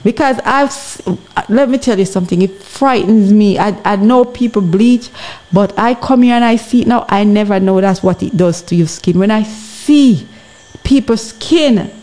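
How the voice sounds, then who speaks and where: A woman's voice: mid-range voice, moderate pace, warm tone. A woman with a Jamaican accent speaking earnestly on a podcast, exhorting her listeners and often checking that they understand her. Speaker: guest. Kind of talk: impassioned podcast commentary.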